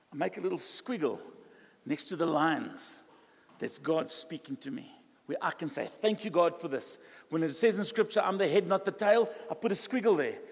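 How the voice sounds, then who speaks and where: A high-pitched male pastor with a South African English accent delivers a chatty, animated sermon, slipping into quoted voices as he tells stories. His voice carries a long reverb from the church hall. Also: vocal fry. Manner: conversational, animated preaching that acts out quoted dialogue.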